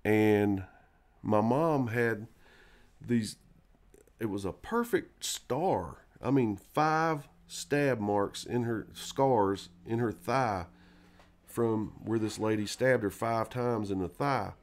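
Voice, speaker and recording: A man's voice: lowish voice, takes it slowly. A man hosting a live stream, telling a long personal story in a rambling, profane way, full of fillers and restarts. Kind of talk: casual storytelling.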